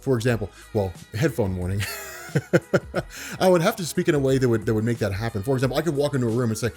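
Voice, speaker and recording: A man vlogging in a relaxed, unhurried way, with a voice that carries and commands attention, spoken from the diaphragm. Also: medium pitch, breathy edge, faint music behind. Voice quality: carrying, commanding voice. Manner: calm, laid-back, unhurried; speaks from the diaphragm. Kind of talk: relaxed talk to camera.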